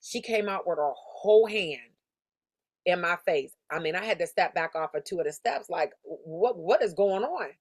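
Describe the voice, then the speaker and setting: In a lowish voice at normal speed, a female sales coach delivers a motivational lesson with no echo in the audio. Her style is emphatic and conversational, full of slang and storytelling.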